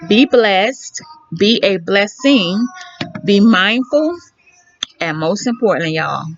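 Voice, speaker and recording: A woman's voice: medium pitch, lively intonation, takes it slowly, dull audio, faint music behind. A woman vlogger chatting outdoors by a pool, rambling in a candid, slangy way. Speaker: beauty vlogger. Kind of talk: casual chat.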